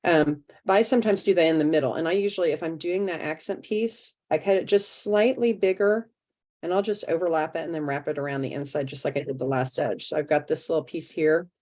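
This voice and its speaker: A woman's voice: sits low, fairly even intonation, brisk, darkish tone. A woman walking an online workshop through a craft project step by step, chatting as she works over a video call. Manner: chatty, step-by-step explaining while working. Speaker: art teacher leading a craft workshop.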